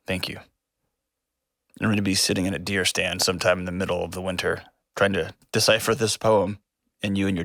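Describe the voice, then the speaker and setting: A man hosting a call-in advice show, telling stories in a folksy, animated way. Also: deep voice, no room sound, studio quality. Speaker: host. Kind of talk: casual call-in advice talk.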